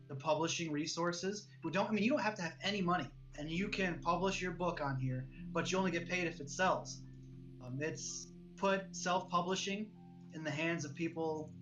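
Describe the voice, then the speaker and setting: A man's voice: a little high, a bit bright. A man in his thirties, a guest author, talking politely and thoughtfully in a casual livestream chat, sometimes hesitating. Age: 30s. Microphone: remote call over stream. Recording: dull lo-fi remote call audio with faint music.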